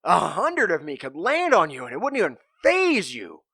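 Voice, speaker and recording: A man's voice: sits high, moderate pace, husky, no room sound, clean studio sound, full character voice. A man voicing an arrogant male bird with a raised, chirpy delivery. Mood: flattering. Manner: boastful, then flattering.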